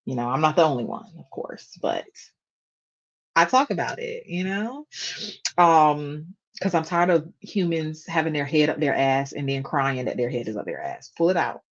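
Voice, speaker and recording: A woman's voice: low voice, expressive, moderate pace, dull audio. A woman hosting a casual reaction video, blunt and sarcastic in her commentary.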